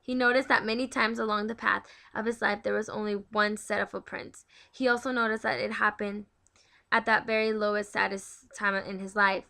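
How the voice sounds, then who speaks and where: A woman's voice: mid-range voice, fairly even intonation, moderate pace, vocal fry, pushed and bright. A young woman in a casual devotional reading, chatty and stumbling over words as she reads aloud. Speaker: devotional video host.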